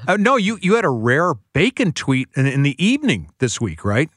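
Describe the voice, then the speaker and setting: A man's voice: on the high side, wildly swooping pitch, normal speed, a bit bright, no room sound, studio quality. A male author, a guest on a radio show, who tells one anecdote after another in a chatty way. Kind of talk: radio interview.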